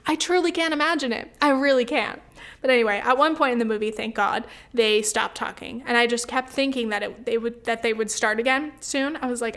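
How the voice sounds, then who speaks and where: A woman's voice: fairly high pitch, moderate pace, a bit bright. A woman in her twenties hosting her own podcast, chatting casually, swearing freely and filling her talk with "like" and "um". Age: 20s. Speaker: podcast host. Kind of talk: casual solo podcast chat.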